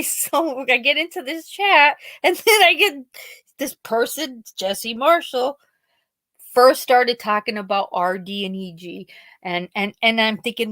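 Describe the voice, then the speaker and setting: A woman's voice: fairly high pitch, pushed and bright, dry recording. A woman from Pennsylvania hosting a podcast, chatting casually with live listeners and telling rambling stories full of quoted dialogue. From Pennsylvania, USA. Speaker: podcast host.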